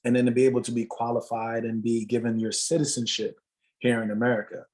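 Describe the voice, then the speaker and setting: A man's voice: mid-range voice, level tone, fast talker, darkish tone. Earnest motivational man from Jamaica. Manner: earnest, motivational, repeats phrases for emphasis. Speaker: guest, musician and motivational speaker. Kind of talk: interview storytelling.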